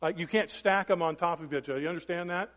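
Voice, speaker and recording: A man preaching a sermon emphatically, peppering it with rhetorical questions and swinging from loud to hushed. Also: a little high, quick pace. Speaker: pastor. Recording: dull lo-fi recording with long hall reverb.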